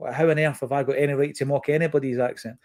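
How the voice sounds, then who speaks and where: This Fife-born host of a football podcast talks with a Scottish accent and a mid-range, darkish voice whose intonation stays fairly even. Responding to listener comments, he comes across as earnest and opinionated, measured yet sprinkled with fillers.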